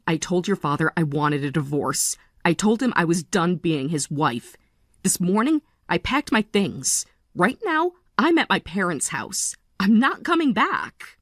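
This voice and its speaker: A woman in her forties playing a tired but resolute mother in a text-story drama, speaking in a calm, measured way. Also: fairly low pitch, dry recording, clean studio sound, heavily acted. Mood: calm resolve. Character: weary, resolute mother leaving her family.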